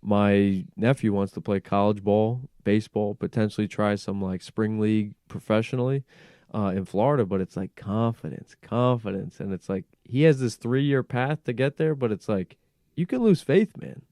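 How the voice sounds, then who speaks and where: A man hosting a casual in-studio podcast conversation, animated, peppering his talk with swearing and "like.". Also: lowish voice, normal speed, no echo. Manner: animated, frequent swearing and filler "like". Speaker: podcast host.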